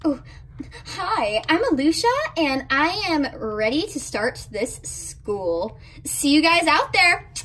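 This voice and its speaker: A woman's voice: sits high, big pitch swings, slow, a bit bright. A young woman doing chirpy, exaggerated student introductions in a home-made skit. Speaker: amateur actor playing several students. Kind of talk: home-made skit, playing several characters.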